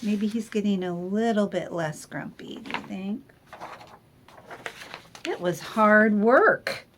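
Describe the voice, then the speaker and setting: A woman reading a picture book aloud to children, gently asking them questions. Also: mid-range voice, animated, slow, a little hiss or hum.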